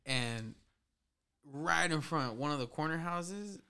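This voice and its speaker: A man's voice: fairly high pitch, expressive, slow pace, pushed and bright, clear, resonant tone. A man with a Chicano English accent from Southern California, chatting casually and slipping Spanish into his English. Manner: laid-back slangy talk, mixing Spanish into English. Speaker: podcast guest. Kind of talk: casual chat.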